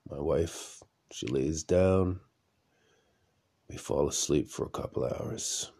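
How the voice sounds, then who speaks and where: A man's voice: extremely low pitch, slow pace, vocal fry, warm tone. A man podcasting from a room at home at night, telling a long story in a rambling, blunt way and repeating phrases for effect. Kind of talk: casual storytelling monologue.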